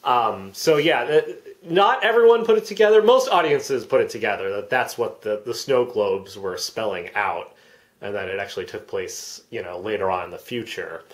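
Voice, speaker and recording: A man's voice: lowish voice, lively intonation, normal speed. A man on a parody commentary track, speaking matter-of-factly with many ums. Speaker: comedic fake commentary speaker.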